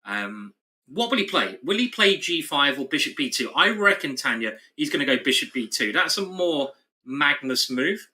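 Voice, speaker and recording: A man's voice: fairly high pitch, big pitch swings, normal speed, bright, forceful tone. A man commentating live on a chess game, chatty and explanatory with his co-host. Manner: chatty, explanatory, laughs easily.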